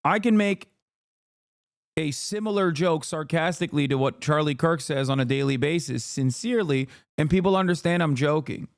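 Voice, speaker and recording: A man's voice: fairly high pitch, moderate pace, no echo, studio quality. A man streaming live, ranting with heated, profane commentary on a clip he is reacting to.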